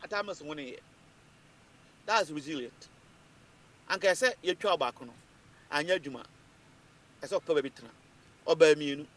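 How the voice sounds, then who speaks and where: A Ghanaian man giving animated political commentary, emphatic and repetitive, switching between English and Twi. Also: fairly high pitch, moderate pace, pauses often.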